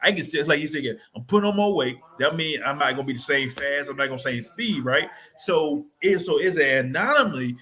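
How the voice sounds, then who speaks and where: A man co-hosting a sports podcast, chatting casually in an animated, rambling way full of slang. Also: on the high side, brisk, hardly any pauses. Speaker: podcast co-host.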